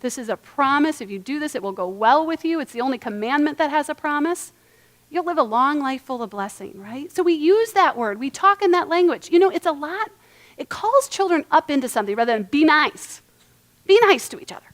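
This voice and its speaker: A woman's voice: sits high, expressive, a little fast. Earnest young woman leading a workshop. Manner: earnest, emphatic, asks the audience questions. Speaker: parenting workshop presenter. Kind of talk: church workshop talk.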